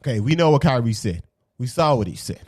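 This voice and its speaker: A man giving a casual, animated basketball opinion rant for his video channel. He repeats his points, drops slang and keeps asking "okay?". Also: mid-range voice, quick pace, dry recording, clean studio sound. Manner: slangy and conversational. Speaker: sports commentary vlogger.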